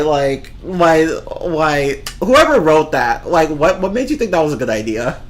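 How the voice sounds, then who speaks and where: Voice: medium pitch, big pitch swings, measured pace, few pauses. A streamer ranting casually about movies, rambling and swearing, often breaking into laughter. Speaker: streamer reviewing films. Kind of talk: casual rant.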